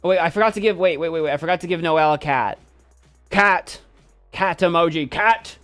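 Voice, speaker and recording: A man's voice: a little high, brisk, a bit bright, smooth, soft background music. A man hosting a stream, casually and playfully commenting on viewers' pet photos and laughing often. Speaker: streamer host.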